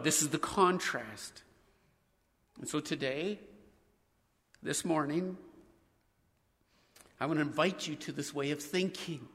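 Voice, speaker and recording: A man's voice: on the high side, measured pace, pauses often, sharp tone, long reverb tail. A man preaching a sermon as pastor, speaking earnestly as he reads scripture aloud and leads his congregation in prayer.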